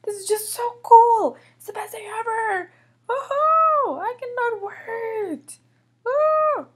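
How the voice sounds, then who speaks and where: A woman's voice: very high-pitched, measured pace, vocal fry, exaggerated voice. A woman doing an overexcited little boy. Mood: overjoyed. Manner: bouncy, overexcited, squealing cheers. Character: excitable boastful little boy. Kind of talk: toy figure storytelling.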